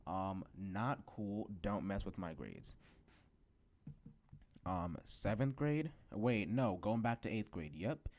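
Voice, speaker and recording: A teenage boy with a notably low voice tells school stories in a loose, rambling podcast rant. He talks casually and fills the gaps with ums and likes. He sounds unpolished and chatty. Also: lively intonation, slow pace, darkish tone. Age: teens. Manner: rambling storytelling with many fillers. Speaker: podcast host.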